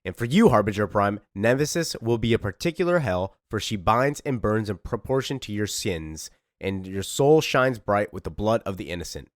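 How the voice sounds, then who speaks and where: A man's voice: fairly low pitch, lively intonation, moderate pace, no echo, clean studio sound, natural voice. A man voicing a fierce young warrior princess, reading her lines in a proclaiming, intense way. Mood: defiant.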